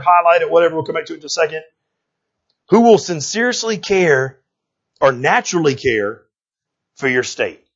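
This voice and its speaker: A man preaching a sermon in a conversational, animated way, often checking in with his listeners. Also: high voice, creaky, husky, lo-fi sound. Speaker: pastor.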